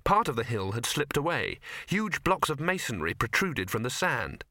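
A man reading an audiobook in measured, wry scripted narration. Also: medium pitch, big pitch swings, sharp tone, no room sound, studio quality.

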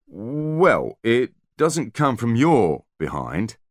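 A man voicing an eager, nervous male centaur technician who explains things hurriedly in a raised, lively voice. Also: fairly low pitch, a little fast, no room sound, clean studio sound, pitched above the performer's own voice. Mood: eager explaining.

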